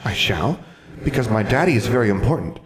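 A man's voice: lively intonation, a little fast, reverberant, lightly acted. A man doing a petulant little ghost girl. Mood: wistful, demanding. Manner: high childish petulant tone. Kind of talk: audiobook reading.

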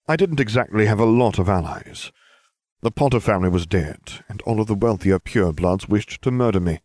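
Low, lively man narrating a story. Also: a little fast, no echo, clean studio sound. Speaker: reader. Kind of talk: first-person story narration.

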